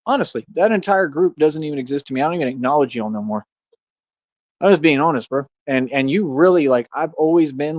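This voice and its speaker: A man's voice: mid-range voice, darkish tone, dry recording. A man streaming an unscripted monologue to his viewers, confrontational and insistent, often tossing in "bro" and "you feel me". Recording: dull, dry lo-fi stream audio.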